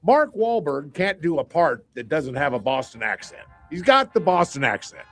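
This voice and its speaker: A man's voice: fairly high pitch, big pitch swings, moderate pace, a bit bright. A man on a sports radio panel, telling his picks at length with emphatic, rambling restarts. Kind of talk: casual radio sports chat.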